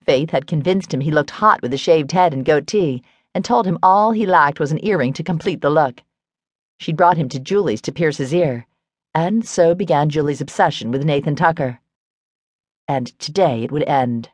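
A woman audiobook narrator giving a steady, measured reading of a romance novel. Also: sits low, no echo.

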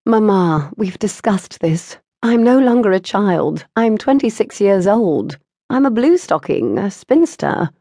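A woman voicing a bookish, level-headed woman in her twenties who reasons calmly with her mother. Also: medium pitch, a little slow, no echo, clean studio sound, voice pushed up. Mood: firm. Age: 20s.

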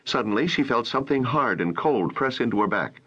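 A man narrating a children's audiobook with expressive storytelling, on a muffled lo-fi recording. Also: mid-range voice, brisk, slightly rough.

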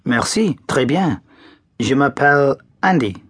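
A man playing the learner in a recorded language lesson, giving slow, hesitant answers. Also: mid-range voice, expressive, fairly bright tone, breathy edge. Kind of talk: repeating French phrases in a lesson.

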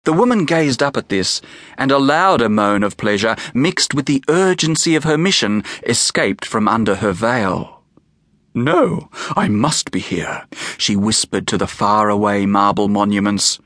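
A man narrating a children's novel as an audiobook in an expressive storytelling manner. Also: fairly low pitch, normal speed, no room sound, studio quality.

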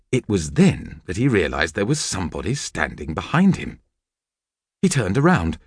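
Male narrator for a children's story: expressive, animated pitch, dry studio read. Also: moderate pace, slightly rough, no echo. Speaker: audiobook narrator.

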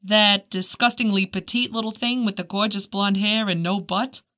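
A woman narrating an audiobook, voicing a brash, middle-aged female psychiatrist with a booming voice and a New England accent who talks bluntly and cracks bawdy jokes. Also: steady tone, normal speed, a bit bright, lightly acted. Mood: brash joking. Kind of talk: audiobook character reading.

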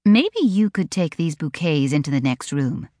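A woman voicing a calm, contented tea shop owner who speaks patiently, in audiobook narration. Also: low-pitched, normal speed, no echo, clean studio sound.

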